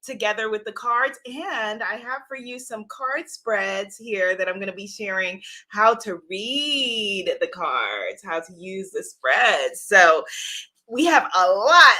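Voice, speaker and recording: A woman's voice: medium pitch, expressive, slow pace, bright, forceful tone. A woman hosting a casual live stream, effusive and laughing often as she greets viewers by name. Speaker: live-stream host and oracle card author.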